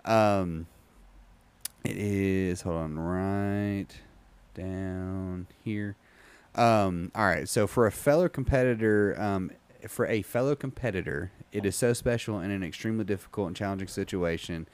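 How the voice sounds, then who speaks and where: A man hosting a casual podcast, rambling with many ums and reading an article aloud haltingly. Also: low-pitched, a little mellow, smooth. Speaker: podcast host.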